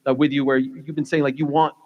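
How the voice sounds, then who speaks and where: A man's voice: mid-range voice, flat delivery, narrow, tinny audio. A man moderating a fight press conference, asking questions with lots of fillers. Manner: fast, filler-heavy questioning.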